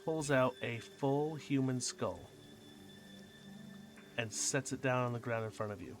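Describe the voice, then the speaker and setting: A mid-pitched man runs a tabletop game, describing scenes and speaking to players by their characters' names. Music plays clearly underneath. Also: unhurried. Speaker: game master. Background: background music.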